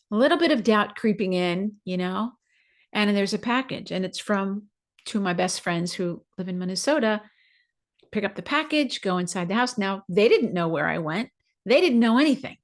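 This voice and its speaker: A woman hosting a podcast, telling a personal story in a conversational way, acting out her own thoughts as quoted asides. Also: medium pitch. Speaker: podcast host.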